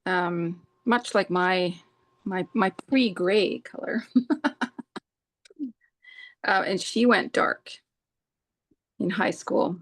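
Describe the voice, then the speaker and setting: A woman in her forties co-hosting a live crafting stream, talking in a halting way with many fillers. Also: mid-range voice, vocal fry, no room sound. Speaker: co-host of a live scrapbooking stream. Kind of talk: casual chat.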